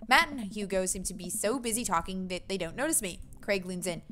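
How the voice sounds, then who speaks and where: A woman's voice: mid-range voice, brisk, bright, forceful tone, slight background noise. A woman streaming a dating game, reading the text aloud with giggly, self-mocking asides. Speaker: let's-play streamer.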